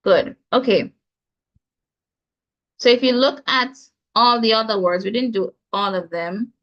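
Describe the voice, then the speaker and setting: A woman with a Jamaican accent teaches pronunciation in an online class, speaking unhurriedly in a fairly high voice. She is encouraging and spells out sounds carefully. The audio is dull, lo-fi call quality.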